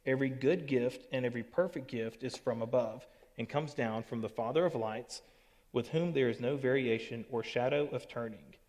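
A man teaches Scripture in an easy, conversational way, his voice at a middle pitch. The sound carries a long hall reverb, as if recorded in a big sanctuary. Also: moderate pace, darkish tone. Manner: conversational, peppered with "okay" and "all right". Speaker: pastor. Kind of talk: recorded Bible teaching to camera.

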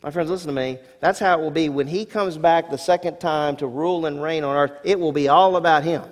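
A man's voice: fairly high pitch, a little fast. A male pastor delivering a sermon, reading scripture aloud with rising emphasis and casual asides to the congregation. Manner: expressive preacher, rising emphasis on key words, asides to congregation. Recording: long hall reverb.

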